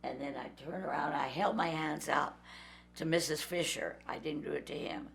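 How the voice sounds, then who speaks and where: An older woman telling a story in a lively way and acting out the voices of the people in it. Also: deep voice, a little slow, vocal fry, faint music behind. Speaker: interviewee. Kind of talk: storytelling anecdote.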